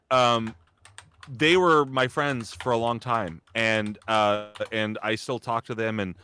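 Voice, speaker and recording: A man with a bright, forceful and clean-edged voice, recorded close and dry. He talks in a casual chat, spinning animated stories and bouncing into the voices of the people he quotes. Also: medium pitch, clear, resonant tone, dry recording. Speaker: comedian and voice actor.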